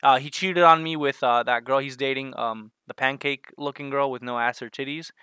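A man's voice: medium pitch, fairly even intonation, a little fast, bright, forceful tone, clean tone, no echo, clean studio sound. A man vlogging a crude, sarcastic comedic rant, often breaking into laughter at his own jokes.

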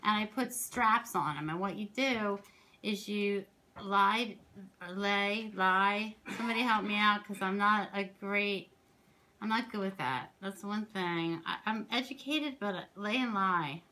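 A woman from Pennsylvania, a crafting vlogger, chatting casually as she shows her projects, rambling and excitable with many asides. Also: mid-range voice, moderate pace. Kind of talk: casual chatty show-and-tell.

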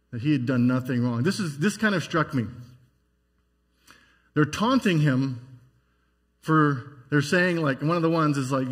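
A man's voice: on the high side, fairly bright tone, slightly rough. A man preaching a sermon as pastor, musing aloud in a conversational way with frequent restarts.

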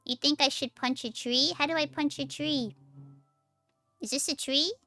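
A woman's voice: high voice, fairly even intonation, moderate pace, pushed and bright, faint music behind. A woman streaming games, giving playful running commentary and laughing often. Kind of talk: live-streamed gameplay commentary.

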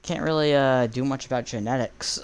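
A teenage boy from the East Coast of the United States, rambling through casual gameplay commentary while he plays, musing aloud with soft chuckles. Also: mid-range voice, normal speed, creaky, smooth. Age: teens. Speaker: gaming streamer.

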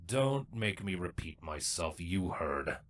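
A man voicing a harsh older male changeling drone, with a sneering, gruff and clipped delivery in a storybook reading. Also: fairly low pitch, very animated, a little slow, a bit bright, full character voice. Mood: impatient.

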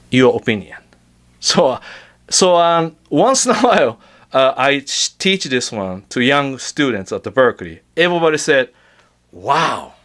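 Slow, lively guitar teacher. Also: male voice, medium pitch. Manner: chatty, full of fillers and restarts. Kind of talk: casual unedited guitar tutorial.

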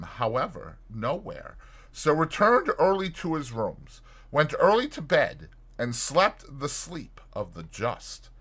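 A man reading a short story aloud as audiobook narrator, in a dramatic and expressive scripted narration. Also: a little high, breathy edge.

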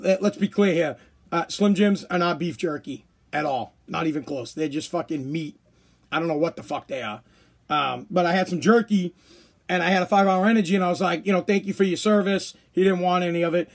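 A man hosting a podcast, ranting bluntly and profanely in a casual monologue. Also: high-pitched. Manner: profane, blunt, worked-up rants. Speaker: podcast host.

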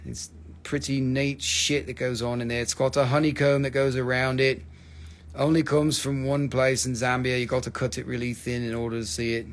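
A man's voice: mid-range voice, flat delivery, moderate pace. A man hosting a casual live stream that sells crystals, joking, rambling and swearing as he talks.

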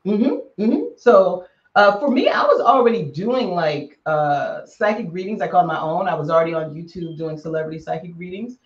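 A woman guest telling a story in a casual interview, animated and laughing often. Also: on the low side, normal speed, muffled recording. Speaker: psychic guest. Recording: distant roomy remote call audio.

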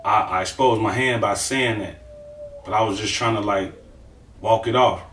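A man's voice: on the low side, moderate pace, fairly bright tone, a little hiss or hum. A man telling a story in a casual, profane and emphatic way, acting out the fight with punch sounds. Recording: echoey room, far from the mic.

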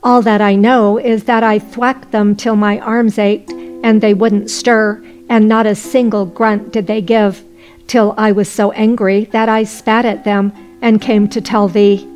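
A woman's voice: mid-range voice, flat delivery, unhurried, darkish tone, soft background music, lightly acted. Woman reading as a stubborn poor peasant. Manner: blunt, stubborn, old-fashioned speech. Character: poor simple man, stubborn and plain-spoken.

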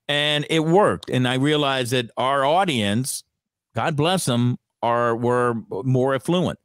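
A man's voice: mid-range voice, slow pace, clear, resonant tone, dry recording. Storytelling radio man, dry close sound. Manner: animated, acts out quoted dialogue. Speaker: radio personality, guest. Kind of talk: conversational storytelling.

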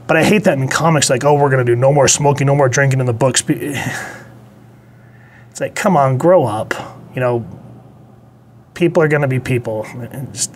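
A man's voice: medium pitch, slight background noise. A man giving a casual spoken comic book review, chatty and digressive, blunt, with casual swearing.

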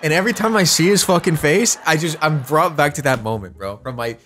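A man streaming casually while high, animated and giggly, swearing freely as he chats. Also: fairly quick. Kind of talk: casual livestream chat.

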